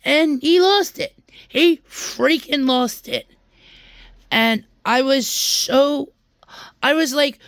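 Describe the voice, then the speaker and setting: A young woman talks straight to her viewers in a rambling storytime vlog, venting her frustration and tripping over restarts as she goes. Her voice sits fairly high. The sound is dry and close. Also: fairly bright tone, no room sound. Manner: frustrated, restarts and repeats words while venting. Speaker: vlogger.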